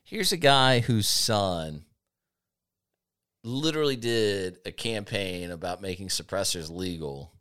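Hosting a relaxed talk show, a man shares sardonic stories about a job he once had, laughing often in casual chat as a podcast host. His voice is on the low side, slightly bright, and slow.

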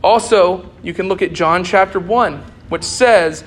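Young man, high voice, earnest sermon, repeats phrases for emphasis. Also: slow, hardly any pauses, a bit bright. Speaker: preacher.

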